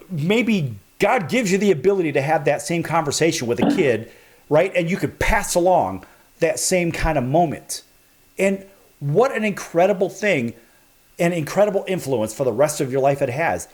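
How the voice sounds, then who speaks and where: An animated male talk show host from the Chicago area, spinning a story in a chatty way. His voice sits a bit high and swings widely. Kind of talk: storytelling in a broadcast interview.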